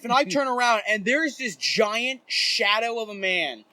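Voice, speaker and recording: Young guy podcast host, pretty high voice, swears a ton, dry close sound. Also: measured pace, no echo. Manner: animated, profane, acts out quotes loudly. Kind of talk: casual storytelling. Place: indoors, rain outside.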